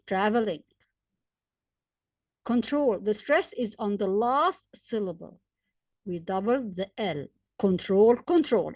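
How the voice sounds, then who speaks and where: A woman, likely a native Arabic speaker, teaching English grammar step by step, spelling out letters, repeating examples and pausing with fillers. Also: fairly high pitch, no room sound, studio quality. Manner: hesitant fillers between points. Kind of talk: slow, deliberate grammar lesson.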